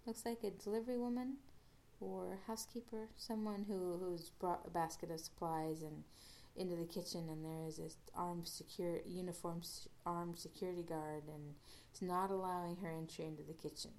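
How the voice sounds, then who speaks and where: A woman hosts a podcast and recaps an episode in a loose, rambling way, full of fillers and restarts. Her voice sits low and has a gravelly fry. The tone is dark and mellow. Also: steady tone, moderate pace, slight background noise. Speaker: podcast host.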